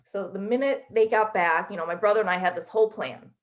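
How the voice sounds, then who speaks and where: Brief: woman in her 30s, interview guest, chatty emotional storyteller, mid-pitched voice. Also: fast. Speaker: guest author.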